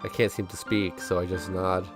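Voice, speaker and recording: A man streaming, reading a visual novel aloud in steady first-person narration and breaking off now and then with chuckling asides. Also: low voice, moderate pace, music in the background.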